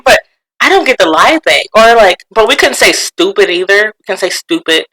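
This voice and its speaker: A woman co-hosting a podcast, chatting casually and reading forum posts aloud, animated and quick to laugh. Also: on the high side, a little hiss or hum, poor audio. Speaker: podcast co-host.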